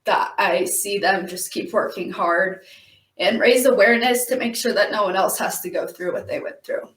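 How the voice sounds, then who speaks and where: A young woman, an intern, speaking earnestly and gratefully on a community radio talk show, a little halting. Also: mid-range voice, fairly bright tone, recorded from a distance. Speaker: intern and guest. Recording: roomy, away from the mic.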